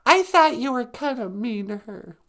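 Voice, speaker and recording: Man doing a chirpy high-voiced sidekick. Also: expressive, normal speed, sharp tone, full character voice. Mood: nagging. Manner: high nagging falsetto.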